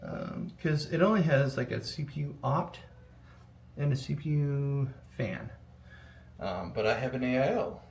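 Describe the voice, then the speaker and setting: A young adult man, a PC builder vlogger, rambles casually as he assembles a PC, dropping plenty of ums and the odd swear word. His mid-range voice is a little slow and a little mellow. The echoey room carries faint ambience and slight background noise.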